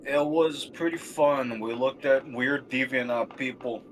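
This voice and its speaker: A man's voice: mid-range voice, a little hiss or hum. A young man streaming, chatting casually in a profane, sarcastic way. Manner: profane, sarcastic, quick to swear.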